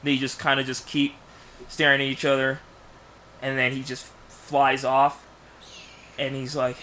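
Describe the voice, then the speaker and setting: A man in casual podcast chat, pitching a movie plot in rambling bursts with many restarts. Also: monotone, a little slow, a little hiss or hum. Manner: rambling storyteller, many restarts, bursts of loud acted lines. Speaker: podcast co-host.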